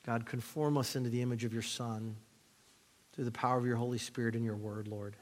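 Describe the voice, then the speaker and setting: Reading scripture from the pulpit of a church sanctuary, a man preaching as a pastor keeps a steady, brisk, mid-range voice while the hall reverberates around him. Between passages come plain-spoken, jokey remarks, and he then leads a prayer.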